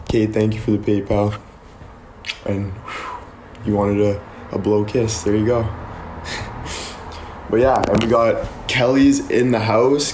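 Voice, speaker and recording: Young male streamer, lowish mellow voice, laid-back rambling chat, faint hum behind. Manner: relaxed, rambling, thanks viewers often. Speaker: live streamer. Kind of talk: casual live-stream chat.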